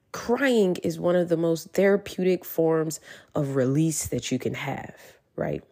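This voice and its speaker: A woman's voice: deep voice, lively intonation, unhurried, gravelly, breathy edge. A woman giving an earnest, encouraging motivational talk straight to her listeners, repeating reassurances as she goes. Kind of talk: casual motivational monologue.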